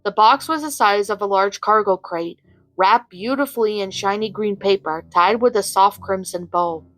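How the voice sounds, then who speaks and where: A woman narrating a fan fiction story in an even, unhurried way, with small slips now and then. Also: medium pitch, rough recording.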